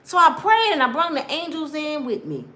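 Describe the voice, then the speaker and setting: Bright, forceful, and high, this voice belongs to a woman in her fifties who speaks at a normal speed with great animation. Her monologue is personal and impassioned, emphatic to the point of preachiness, aimed right at her listeners, with others' remarks acted out as quotes.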